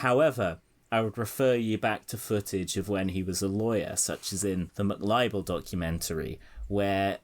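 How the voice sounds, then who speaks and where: A man's voice: lowish voice, moderate pace. A man hosting a casual political chat, sardonic and swearing freely. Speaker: podcast host.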